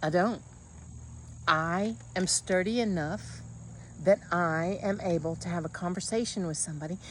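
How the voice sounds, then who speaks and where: A woman's voice: on the low side, moderate pace, a little hiss or hum. A woman coaching in a casual motivational monologue, blunt and folksy, calling the listener honey.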